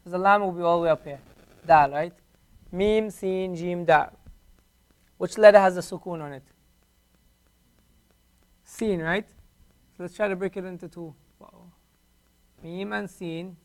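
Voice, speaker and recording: A man teaching a beginners' class in a classroom, patiently repeating each word slowly for his students. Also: high voice, fairly even intonation. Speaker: Arabic teacher. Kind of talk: classroom language lesson.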